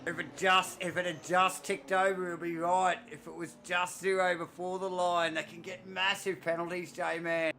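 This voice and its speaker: A man, commentating a sim race live, excitable and out of breath, rambling with fillers. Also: high-pitched, moderate pace, vocal fry, hardly any pauses, a little hiss or hum.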